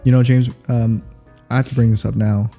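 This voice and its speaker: A man's voice: mid-range voice, little pitch movement, a little fast, vocal fry, dark tone, faint music behind. A man co-hosting a casual podcast, speaking English as a second language, rambling and restarting his sentences. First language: not English. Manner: rambling, laughing, restarts often. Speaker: podcast co-host. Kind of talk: casual chat.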